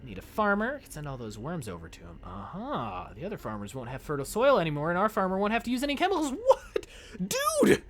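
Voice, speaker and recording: A man's voice: fairly high pitch, fast, hardly any pauses. A young man from the United States chatting casually with his viewers while he plays a game, joking and squealing with delight when things go his way. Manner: excitable, jokey, squeals when pleased. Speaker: game streamer. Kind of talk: casual live-stream chat while gaming.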